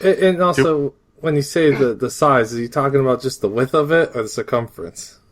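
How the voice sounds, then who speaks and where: A man's voice: medium pitch, fairly quick. A man co-hosting a casual podcast chat, laughing along and asking follow-up questions. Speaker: podcast co-host.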